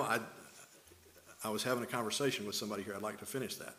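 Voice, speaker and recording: A man's voice: fairly low pitch, fairly even intonation, rapid-fire, fairly bright tone. An older man preaching a sermon, a pastor who explains scripture through folksy stories and rhetorical questions.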